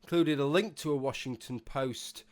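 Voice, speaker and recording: A man's voice: mid-range voice, moderate pace. A man giving a rambling, sarcastic, sweary commentary monologue as a YouTube vlogger.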